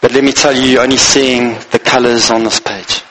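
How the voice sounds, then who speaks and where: A man's voice: mid-range voice, fairly even intonation, a little fast, pushed and bright, slight background noise, low-quality recording. A man preaching a Christmas sermon as pastor, speaking earnestly in short phrases and reading scripture aloud.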